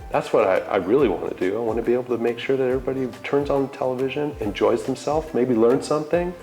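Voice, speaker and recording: A man's voice: medium pitch, fast talker, darkish tone, faint music behind, rough recording. A man, a TV network chief, talking earnestly and enthusiastically as an interview guest. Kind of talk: casual interview talk.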